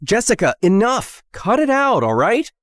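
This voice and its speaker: Woman putting on a gentle young man's voice. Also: fairly high pitch, sing-song, normal speed, dry recording, studio quality. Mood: firm. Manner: soothing, pleading. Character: gentle young man trying to calm others.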